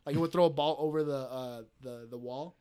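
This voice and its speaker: A man's voice: medium pitch, fairly quick, clear, resonant tone. An American man co-hosting a podcast, telling stories in casual banter and laughing often. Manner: animated storyteller, acts out voices, laughs often. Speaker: podcast co-host. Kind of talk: casual banter among friends.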